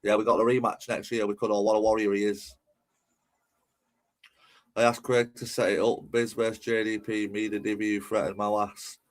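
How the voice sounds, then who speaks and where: A man from England hosting a casual livestream, reading viewer comments aloud, giving shout-outs and swearing freely. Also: on the low side, level tone, moderate pace. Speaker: livestream host.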